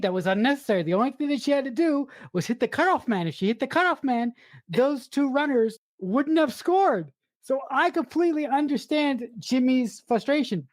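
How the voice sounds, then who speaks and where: A woman's voice: on the high side, darkish tone, dry recording. A woman co-hosting a casual movie review podcast, emphatic and blunt, restarting and swearing when she gets worked up. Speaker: podcast co-host.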